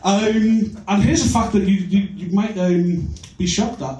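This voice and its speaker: A man from Birkenhead doing a stand-up set, crude and self-mocking with a deadpan delivery. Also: sits high, measured pace. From Birkenhead, England. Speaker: stand-up comedian. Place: comedy club stage. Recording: echoey club, recorded from far off.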